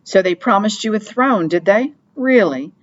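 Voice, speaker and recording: A woman's voice: mid-range voice, lively intonation, moderate pace, lo-fi sound, pitched above the performer's own voice, lightly acted. A woman reading an audiobook, voicing a wry, sly male rat spy with a teasing, sing-song manner.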